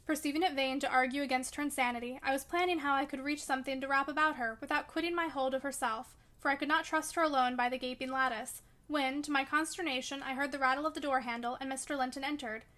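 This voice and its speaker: A woman reading a classic novel aloud in a measured, even storytelling manner. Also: sits high. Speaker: reader. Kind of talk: audiobook narration of a classic novel.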